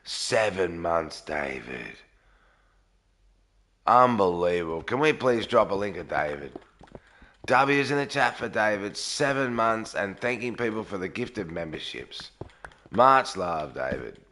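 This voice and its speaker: A man live-streaming a game early in the morning from a garage, talking quietly and sleepily while reading out chat. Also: low-pitched, big pitch swings, unhurried. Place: garage with echo.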